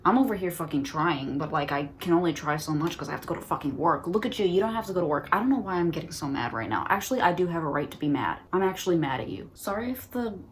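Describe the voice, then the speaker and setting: An animated woman in her twenties talks fast and low to her tripod-mounted phone at home, hardly stopping for breath, while a little hiss or hum sits under the audio. Her casual, meandering chat leans on "like" and is laced with sarcasm and profanity.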